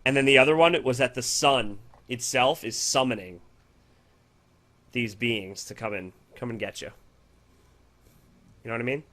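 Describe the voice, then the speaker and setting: A man co-hosting a casual paranormal podcast, loud and joking, swearing often and throwing in slang like "yo". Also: medium pitch, moderate pace, pauses often. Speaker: podcast co-host. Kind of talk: casual live-stream chat.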